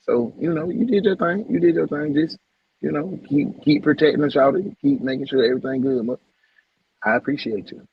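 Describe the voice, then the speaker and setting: A man hosting a casual livestream, heartfelt and repetitive, shouting out viewers by name. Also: fairly high pitch, animated, brisk, creaky, slightly rough, no echo, lo-fi sound. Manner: heartfelt, preachy, repeats phrases. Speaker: livestream host.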